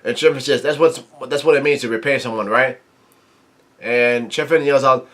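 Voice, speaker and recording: A man with a mid-pitched voice reviews manga by reading a chapter aloud and commenting on it. He stumbles through the text haltingly and quotes the dialogue plainly, without acting.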